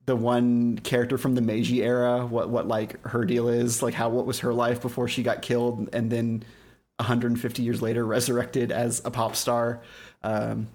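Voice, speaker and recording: A man's voice: medium pitch, normal speed. Man retelling anime scenes animatedly. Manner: animated retelling of scenes, putting on character voices. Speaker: podcast co-host. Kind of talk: casual chat.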